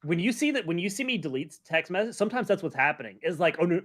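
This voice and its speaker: A man's voice: sits high, sing-song, quick pace, fairly bright tone. A man co-hosting a casual stream chat, talking in a rambling, self-reflective way and often restarting his sentences. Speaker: streamer co-host.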